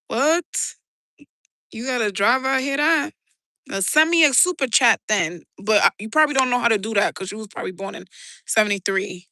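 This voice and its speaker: Bright-voiced New York woman streaming. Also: a little high, brisk, no echo. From New York City. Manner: slangy, laughs often, talks back to chat. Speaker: live streamer reading chat. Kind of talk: casual livestream chat.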